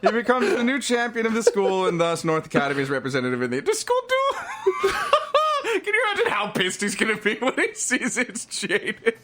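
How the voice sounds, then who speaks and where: A man with a high, very lively voice recapping a cartoon episode for a podcast. He reacts with disbelief, laughs often and swears casually. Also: brisk. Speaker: podcast co-host.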